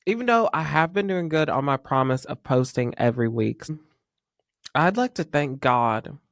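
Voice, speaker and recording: A man's voice: mid-range voice, lively intonation, normal speed, dry recording, clean studio sound. A man, chatting emotionally and laughing as host of his solo podcast. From North Carolina. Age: 30s. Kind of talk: casual solo podcast chat.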